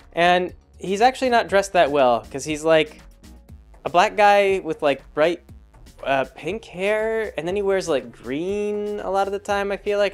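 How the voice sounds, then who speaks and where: Rambling young man with a higher voice. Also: clean tone. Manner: rambling, hesitant, many fillers and restarts. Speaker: blog host reviewing a show. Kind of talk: casual chat.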